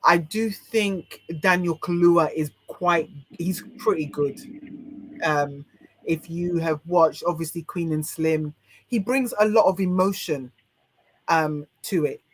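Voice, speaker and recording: A woman's voice: on the low side, slow, a little hiss or hum. A British woman chats casually as a guest on a podcast. She gives her opinions bluntly and often stops mid-phrase to start again. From United Kingdom. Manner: frank and opinionated, many restarts. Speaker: podcast guest, life coach.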